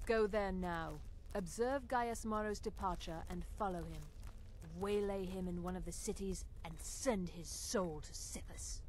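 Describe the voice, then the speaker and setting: An actress playing a poised, calm female assassin handler in a game, giving orders in a measured, formal manner. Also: mid-range voice, slight background noise, lightly acted.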